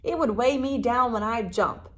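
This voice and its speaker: A woman's voice: fairly high pitch, moderate pace, close to an everyday voice. A woman voicing a chubby, easygoing male frog who speaks matter-of-factly in a storybook reading. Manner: burping, matter-of-fact.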